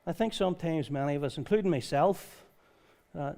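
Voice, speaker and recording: Speaking a little fast, this pastor delivers a sermon in a conversational style at church. His voice is slightly higher than average, and he shifts between scripture readings and lively, informal storytelling.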